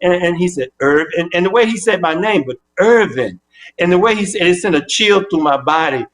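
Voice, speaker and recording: An older man as the interview guest, telling an animated story and acting out both sides of his phone calls. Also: high-pitched, brisk.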